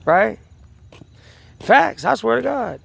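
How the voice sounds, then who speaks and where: A man with a high, gravelly voice tells his side of a story in a rambling rant. He sounds agitated and swears freely, circling back to repeat his point and restarting his sentences. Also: lively intonation, slow pace, a bit bright, dry recording. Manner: agitated, profane, repeats himself, many restarts. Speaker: vlogger. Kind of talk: rambling personal rant to camera.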